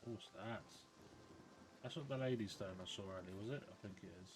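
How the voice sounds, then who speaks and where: A man streaming a game live, quietly muttering a running commentary to himself. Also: lowish voice, fairly quick, over music.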